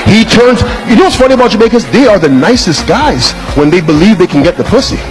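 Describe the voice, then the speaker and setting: A man doing a crude, animated stand-up comedy set in a comedy club. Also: high voice, fast, over music.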